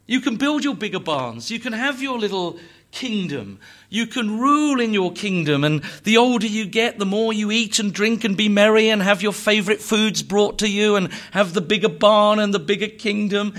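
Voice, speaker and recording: A man preaching a sermon, emphatic and full of rhetorical questions and repetition, swinging between hushed and loud delivery. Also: high voice, lively intonation, moderate pace.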